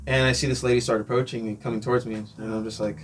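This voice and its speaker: A man being interviewed, telling a casual story, animated and acting out the voices of people he met, often laughing. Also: mid-range voice, racing, slight background noise. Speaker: interview guest, drummer.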